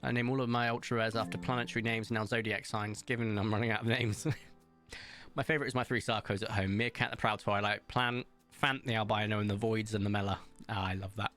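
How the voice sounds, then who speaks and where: A man streaming a game, chatting casually, reading viewers' messages aloud and telling stories, with big playful jumps in pitch. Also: flat delivery, brisk, fairly bright tone, soft background music. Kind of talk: casual chat while gaming, reading chat aloud.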